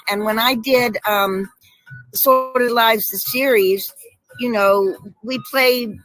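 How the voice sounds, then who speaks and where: A woman guest shares stories with animated energy and frequent laughter. Her voice is bright and forceful, and it sounds dry and close with no room around it. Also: a little high, takes it slowly, no echo, faint music behind, poor audio. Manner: animated storyteller, laughs often. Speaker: guest actress. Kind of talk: casual storytelling chat.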